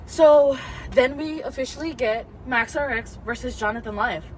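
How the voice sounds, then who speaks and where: A woman's voice: high voice, moderate pace, a little hiss or hum. A woman co-hosting a casual wrestling review, bantering playfully with her co-host. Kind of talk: casual chat.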